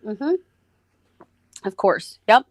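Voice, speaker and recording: A woman guest in an interview, telling her own story in a lively way and acting out the voices of people she quotes. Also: mid-range voice, very slow, no room sound. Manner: animated, acts out quoted voices. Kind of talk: conversational storytelling.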